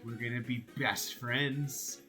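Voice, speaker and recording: A man reading a game aloud while voicing a brash, hot-headed female fish warrior captain in a loud, blunt way. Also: medium pitch, fairly even intonation, slow pace, soft background music, low-quality recording. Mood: fired up. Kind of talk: reading game dialogue aloud on a live stream.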